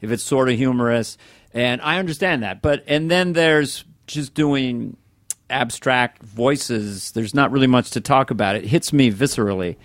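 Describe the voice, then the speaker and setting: An older male comedian in relaxed podcast conversation, his voice middle-pitched and dry against the mic. He talks in loose, circling sentences and keeps breaking into brief, rhythmic character voices. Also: normal speed, no room sound. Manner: slips into impressions mid-sentence, rhythmic and playful. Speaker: comedian guest. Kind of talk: casual podcast chat.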